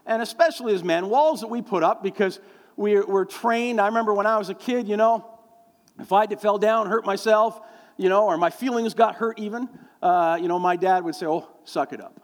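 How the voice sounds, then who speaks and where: A middle-aged male pastor with a high voice delivers a folksy, rambling sermon full of fillers. He acts out the voices of the people in his stories. The sound has a long hall reverb. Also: moderate pace. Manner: folksy storytelling with many fillers, acting out quoted voices.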